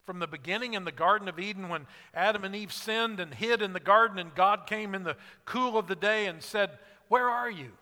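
High bright-voiced preacher in a reverberant hall. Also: male voice, fairly quick, few pauses. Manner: earnest, conversational preaching with rhetorical questions. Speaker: pastor. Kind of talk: sermon.

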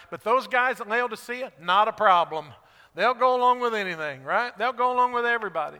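A man preaching a sermon as a pastor, animated and acting out short dialogues. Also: high voice, fast, clean tone, in a large hall.

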